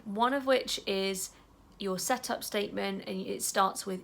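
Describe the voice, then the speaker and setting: A woman leading an EFT tapping session in a casual, chatty way, saying the affirmations softly and trailing off into a whisper. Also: medium pitch, a little slow, gravelly. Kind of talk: guided tapping instruction.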